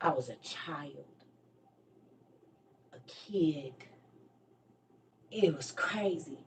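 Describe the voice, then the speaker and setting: A woman in her thirties telling a personal story with rising passion, sometimes near shouting, in casual dialect speech. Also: low voice, expressive, drawn-out words, a little hiss or hum. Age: 30s. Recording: voice distant from the mic.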